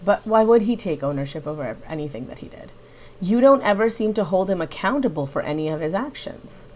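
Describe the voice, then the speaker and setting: Woman host, reaction commentary, slightly low voice, argues point by point. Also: animated, fairly quick, darkish tone, slight background noise. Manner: analytical and critical, argues point by point.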